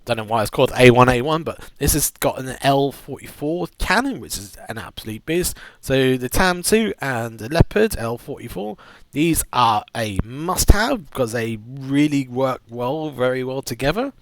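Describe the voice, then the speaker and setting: A man's voice: medium pitch, expressive, normal speed, no echo. A man giving a casual, rambling game buying guide, full of restarts and enthusiastic asides. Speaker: gaming video host.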